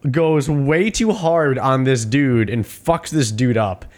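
A man co-hosting a casual movie podcast, swearing freely and acting out scenes in high mocking voices. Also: slow, a little mellow. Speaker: podcast co-host.

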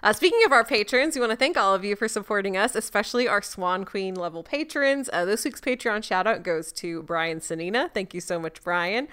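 A woman co-hosting a podcast, chatting casually and sincerely with her co-host and reading out listener shout-outs. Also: medium pitch, clean tone. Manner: warm, sincere, a little emotional.

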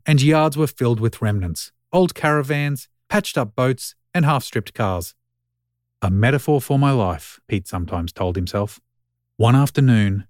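A man reads a short story aloud in a steady, mid-pitched voice. His narration is even and wry. The recording is close and dry. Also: no echo.

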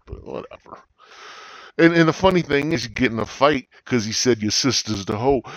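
A middle-aged podcast host with a medium-pitched voice launches into a profane comedic rant, swearing constantly and mocking people in put-on voices. The recording is dry.

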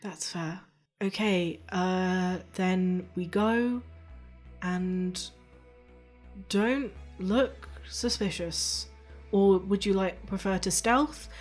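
Husky woman planning a tabletop move. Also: mid-range voice, extremely slow, a little mellow, faint music behind. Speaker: player. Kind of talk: casual chat playing a tabletop game.

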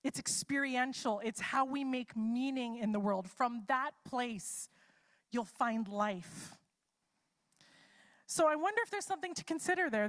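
A woman preacher giving a live sermon in a casual, chatty way, posing many rhetorical what-if questions. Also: high-pitched.

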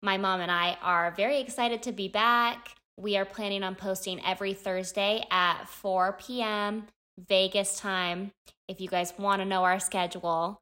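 A woman's voice: medium pitch, steady tone, measured pace, bright, forceful tone. A young woman co-hosting a podcast with her mother, chatting in an agreeable, enthusiastic way. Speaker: podcast co-host. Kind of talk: casual podcast chat.

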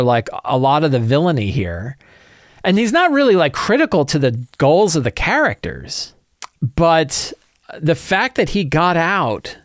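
A man's voice: a little high, dry recording, clean studio sound. A man game master talking through his prep on his own, rambling and thinking aloud with lots of fillers. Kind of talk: solo game-prep talk.

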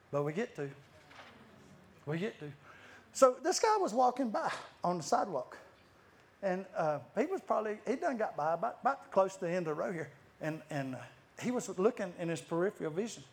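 Guy preaching, high voice that jumps all over, rambly storytelling w restarts. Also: brisk, gravelly. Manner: animated, rambling, frequent restarts and laughter. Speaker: guest preacher. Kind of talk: lively sermon storytelling.

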